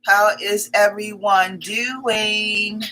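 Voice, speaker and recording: A woman hosting a casual livestream, chatting and greeting viewers one by one, repeating her welcomes in quick strings. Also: medium pitch, steady tone, pushed and bright, soft background music, low-quality recording. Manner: greets viewers by name as their comments arrive. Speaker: livestream host. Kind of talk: casual live-stream chat.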